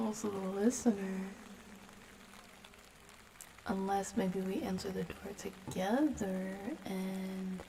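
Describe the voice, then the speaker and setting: A young adult woman streaming, chatting playfully and slipping into soft whispers at a close microphone. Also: mid-range voice, fairly even intonation, slow, creaky, long pauses, a little hiss or hum. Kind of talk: casual ASMR chat.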